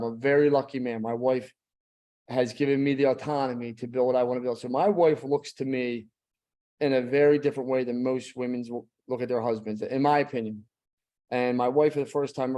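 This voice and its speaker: A man's voice: mid-range voice, mellow. A middle-aged man giving a blunt, emphatic motivational talk as a guest speaker.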